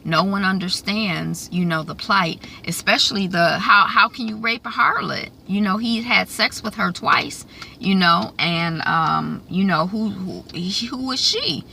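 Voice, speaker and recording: A woman recapping a TV episode in a loose, conversational way, stopping often on ums and restarts. Her voice has a gravelly fry and a bright, forward tone at a middle pitch. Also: measured pace, a little hiss or hum. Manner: chatty, full of ums, acts out quotes. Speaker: TV recap reviewer.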